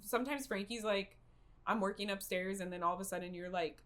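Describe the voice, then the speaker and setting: A young woman co-hosting a podcast in casual chat, her pitch sitting in an ordinary middle range. She talks candidly and swears freely. She tells her stories with animated energy. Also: a little fast. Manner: candid and profane, animated storytelling. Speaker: podcast co-host.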